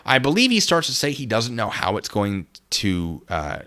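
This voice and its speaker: At a desk microphone, a man with a medium-pitched voice gives sarcastic, animated live-stream commentary at a moderate pace. He tosses in laughing, joking asides and stops to read chat aloud and thank viewers for donations.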